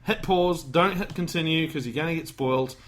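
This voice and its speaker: A man hosts a casual podcast, rambling through stories and jumping into quick impressions of movie lines. His voice is bright and sits a bit high. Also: a little hiss or hum. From Australia. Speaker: podcast host. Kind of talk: casual chat.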